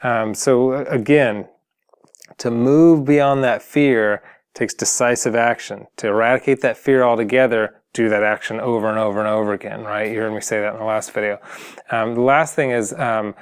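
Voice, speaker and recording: A man's voice: medium pitch, steady tone, moderate pace, smooth. A man giving motivational advice on singing, talking casually and earnestly to the camera, full of fillers and restarts. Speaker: singing coach.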